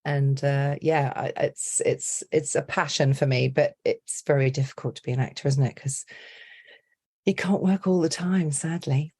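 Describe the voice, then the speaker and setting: A middle-aged English woman with an English accent, chatting as a podcast guest and telling stories in a lively, animated way. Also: very deep voice, moderate pace, slightly rough. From England. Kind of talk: casual interview chat.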